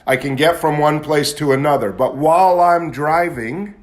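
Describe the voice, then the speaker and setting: A man's voice: on the high side, moderate pace. Earnest man sharing his recovery story. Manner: earnest, confessional, rises into agitated intensity. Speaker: recovery meeting speaker. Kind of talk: personal testimony talk.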